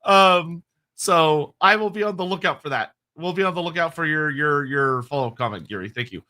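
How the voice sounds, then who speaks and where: Bright, high-voiced lore-chat man. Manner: quick, digressive, laughing, self-correcting. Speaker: co-host answering chat questions. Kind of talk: casual lore chat on a livestream.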